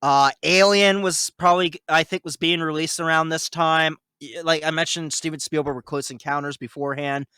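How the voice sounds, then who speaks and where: A man co-hosting a casual podcast review, excitable, swearing a lot and laughing often. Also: a little high, moderate pace, hardly any pauses, clear, resonant tone, no echo. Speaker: podcast co-host.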